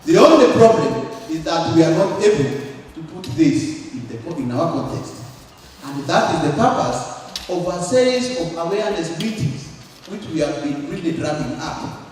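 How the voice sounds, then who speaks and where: A man's voice: on the high side, animated, moderate pace, darkish tone, slight background noise. A man gives an emphatic public speech at an awareness meeting and builds up long lists. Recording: echoey hall, mic far off, faint music.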